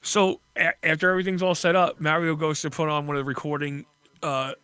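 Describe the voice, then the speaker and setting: Profane New man, bright voice. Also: fairly high pitch, fairly quick, smooth, no echo. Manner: profane, animated storyteller. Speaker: radio show host. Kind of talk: crude casual banter.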